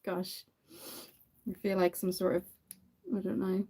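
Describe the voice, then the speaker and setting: A woman's voice: medium pitch, monotone, a little slow, warm tone, breathy edge. A woman from Ireland with an Irish accent, chatting casually to viewers while doing her makeup on a livestream. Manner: chatty, answers viewer comments, many fillers.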